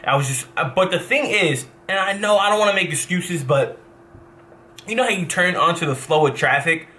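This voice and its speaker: A young man from New Jersey, a professional gamer, telling a rambling, animated story in a casual vlog and swearing as he backtracks. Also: high voice, moderate pace.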